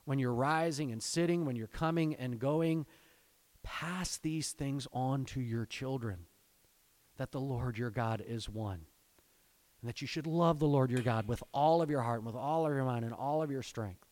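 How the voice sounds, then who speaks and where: A man preaching a sermon, reading scripture aloud and explaining it in earnest, exhorting tones, swelling into fervent pleading and then dropping low. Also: moderate pace, darkish tone. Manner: earnest, exhorting, addresses parents directly. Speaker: pastor.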